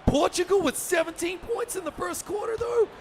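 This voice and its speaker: A man giving energetic, upbeat play-by-play for a basketball video game tournament, often shouting the big plays. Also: very high voice, moderate pace, slight background noise. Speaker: esports commentator.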